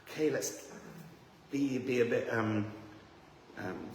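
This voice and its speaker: A man giving a lively, joking seminar talk as a rabbi, teasing himself and the audience. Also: mid-range voice, slow pace, pauses often. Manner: animated, joking, self-deprecating. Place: room with a live audience. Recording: echoey hall, faint noise.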